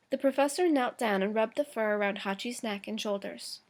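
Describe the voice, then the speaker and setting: Woman teacher, higher voice, reads a chapter aloud to the class, slow, fixes her own slips. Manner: slow, careful reading with small stumbles and self-corrections.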